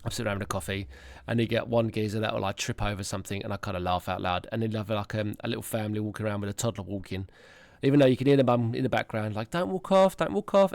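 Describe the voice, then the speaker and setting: A man in his thirties with a lowish voice hosts a casual podcast chat over an online call. He tells rambling, sweary stories and laughs often, and the recording has no echo.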